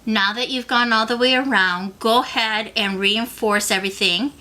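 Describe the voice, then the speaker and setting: Woman, craft tutorial host, bright tone, patient step-by-step guide. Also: on the high side, steady tone, normal speed. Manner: patient, talks the viewer through each step. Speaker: beading instructor.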